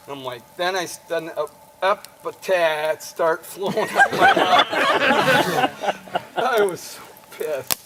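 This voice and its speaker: A middle-aged man telling a story to friends at a party, laughing through it in an animated way, in an amateur video recording. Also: high voice, slow. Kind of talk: casual anecdote to a group. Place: outdoor gathering with friends. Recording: loud noise, amateur video.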